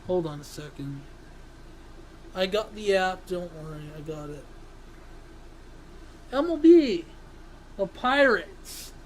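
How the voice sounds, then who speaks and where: A sports vlogger ranting angrily, swearing and breaking into sudden yells, then apologizing for them. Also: mid-range voice, lively intonation, slow pace, pauses often, a little hiss or hum, low-quality recording. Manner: ranting, swearing, bursts into yelling; self-interrupting, apologizes for yelling. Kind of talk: angry sports rant.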